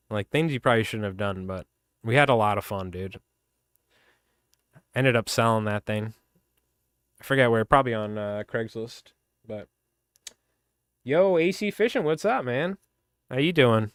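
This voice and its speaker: A man's voice: fairly low pitch, unhurried, pauses often, clear, resonant tone, no room sound, studio quality. Laid-back Long Island man spinning fishing yarns. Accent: Long Island New York. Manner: rambling, laughing, animated storyteller. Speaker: fly tying livestream host. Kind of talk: casual storytelling chat.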